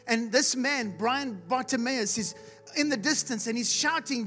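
A preacher giving a sermon to a live congregation, asking rhetorical questions and calling for responses, at times rising to loud shouts. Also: medium pitch, normal speed, faint music behind. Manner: rises to loud shouts when acting out the blind man's cries. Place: church hall with live congregation.

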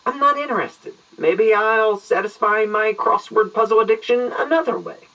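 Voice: medium pitch, moderate pace, pushed and bright, far from the mic, poor audio. A performer playing an eccentric retired detective who gives a long, theatrical answering machine greeting in an audio drama. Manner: long-winded, verbose and mock-grand.

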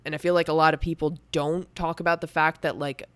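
A woman's voice: low-pitched, little pitch movement, fairly quick, smooth, no echo. A young woman talking candidly and at length about her own feelings, rambling with many restarts and filler words. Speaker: podcast host. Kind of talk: candid personal talk.

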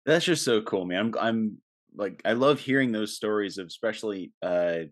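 Male podcast host, low-pitched, upbeat and talkative. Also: expressive, moderate pace. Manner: enthusiastic, chatty, laughs easily. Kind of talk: casual podcast chat.

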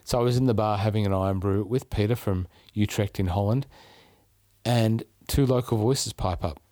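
Chatty Australian man, low voice. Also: moderate pace, warm tone, dry recording, clean studio sound. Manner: chatty storyteller, upbeat, restarts mid-phrase. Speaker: podcast host. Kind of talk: casual travel chat.

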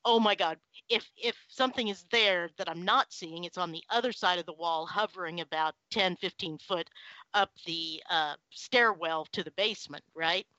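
A woman's voice: fairly low pitch, normal speed, pushed and bright, dry recording, highs cut off. A woman telling a personal story at a story night, dramatic and self-mocking, acting out the sounds she heard. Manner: dramatic, mimics sounds, self-deprecating humor. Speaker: guest storyteller. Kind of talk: casual storytelling chat.

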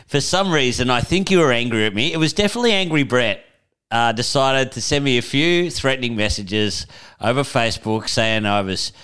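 A young man co-hosting a podcast, relaxed and teasing, laughing often. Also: mid-range voice, clear, resonant tone. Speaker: podcast co-host. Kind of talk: casual chat.

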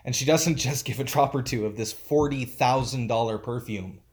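This is a man giving an informal, emphatic sermon as a pastor, pitched in the middle range. Pauses crop up often as he looks for what to say.

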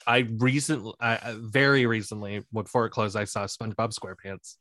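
Bright-voiced man telling animated stories. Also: on the low side, brisk, dry recording. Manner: animated storyteller, laughs often. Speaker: podcast co-host. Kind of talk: casual chat.

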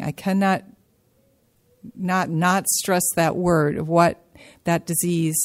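A woman giving a personal testimony as a speaker at a support-group workshop. She talks in a halting, earnest way, restarting sentences and repeating key words for emphasis. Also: lowish voice, a little mellow. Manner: halting and repetitive, with many restarts and hesitant pauses. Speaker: workshop speaker sharing her recovery story. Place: meeting room at a workshop.

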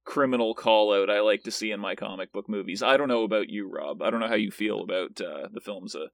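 A man's voice: on the low side, quick pace, gravelly, no room sound. Wry man quipping on a podcast. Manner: dry quips and wry asides. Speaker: podcast co-host. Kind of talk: casual film chat.

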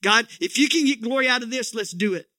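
A man's voice: very high voice, animated, fast talker, pushed and bright, no room sound, clean studio sound. A middle-aged man preaching a sermon as pastor, telling a story in a folksy, joking way with many restarts.

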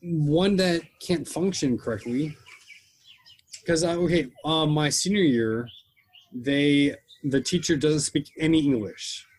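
A man's voice: on the high side, takes it slowly, a little mellow, breathy edge. A young man hosting a casual podcast chat, telling rambling jokey stories. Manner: rambling, joking storyteller. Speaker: podcast host.

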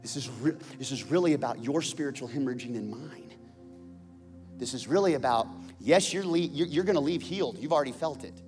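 A man preaching a sermon as pastor, moving from loud calls to the crowd to hushed, intense passages, in a large church auditorium. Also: mid-range voice, animated, a little fast, in a large hall, faint music behind.

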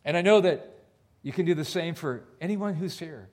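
A male pastor preaching a sermon, earnest and personal, dropping almost to a whisper on soft points. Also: on the high side, normal speed. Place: church.

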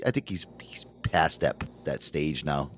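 A man's voice: rumbling low, a little slow, faint music behind. A middle-aged man co-hosting a podcast, telling stories about a friend in casual chat, swearing often and acting out other people's voices. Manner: animated storyteller, acts out friends' voices, swears a lot. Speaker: podcast co-host.

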